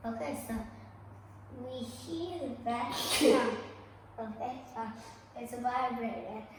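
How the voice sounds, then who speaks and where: Slow, echoey woman teaching a class. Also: fairly high pitch. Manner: slow, repeats "okay?" and "right?" often, non-native grammar. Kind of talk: classroom lesson. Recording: echoey room from far off with noise.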